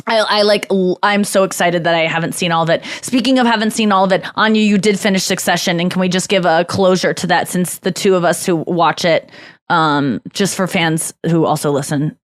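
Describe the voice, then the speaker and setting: A woman in her thirties hosts a casual podcast chat, her voice sitting a little low for a woman. She rambles in an animated way and restarts her sentences often. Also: fairly quick. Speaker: podcast host.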